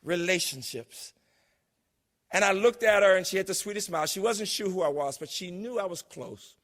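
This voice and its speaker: Animated older man speaking in a hall. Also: high voice, quick pace. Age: 60s. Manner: animated, emphatic, storytelling. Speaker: keynote speaker, university president. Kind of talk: conference speech. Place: large lecture hall. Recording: long reverb of a large hall.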